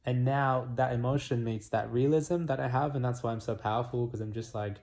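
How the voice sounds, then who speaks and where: Young man, confessional vlog, dramatic, profane, shifting volume, middle pitch. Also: steady tone, a little fast, few pauses. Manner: dramatic, swearing, swings between murmurs and loud outbursts. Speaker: vlogger. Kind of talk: candid confessional monologue.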